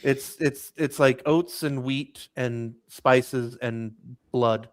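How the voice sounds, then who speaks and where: A man's voice: mid-range voice, steady tone, slow, no room sound, studio quality. A man on a casual podcast, telling a rambling story with lots of restarts and "like"s. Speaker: podcast host. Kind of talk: casual chat.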